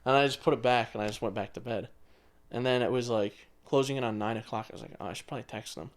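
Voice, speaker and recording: A young man in his twenties co-hosts a casual podcast chat. He rambles through his stories with loose, offhand swearing. His voice sits at an ordinary pitch for a man. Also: fairly even intonation, fast talker. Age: 20s. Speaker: podcast co-host.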